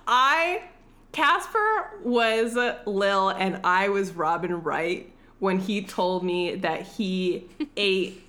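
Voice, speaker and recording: A woman's voice: medium pitch, very slow. A woman in casual chat, recapping a film with lots of laughter and acted-out lines. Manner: animated, laughs often, acts out characters' lines. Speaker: podcast co-host.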